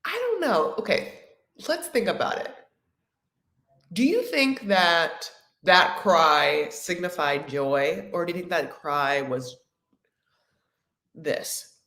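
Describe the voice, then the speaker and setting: Sassy, chatty woman with a low voice. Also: animated, slow pace, fairly bright tone. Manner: chatty, sassy, calls viewers honey. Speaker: host of a live recap chat. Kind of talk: casual live recap chat. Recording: echoey room.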